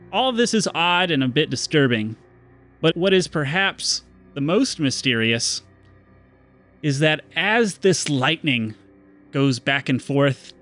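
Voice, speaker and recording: A man narrates a tabletop role-playing game as its game master. His voice sits a little high, and he slows down to build drama in his descriptions. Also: fairly bright tone.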